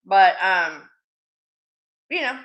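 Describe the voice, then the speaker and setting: Bright, unhurried woman hosting a live sale. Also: mid-range voice, sing-song, reverberant. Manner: chatty and affectionate, calls viewers sweetie. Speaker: live jewelry sale host. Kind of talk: live-stream selling chat.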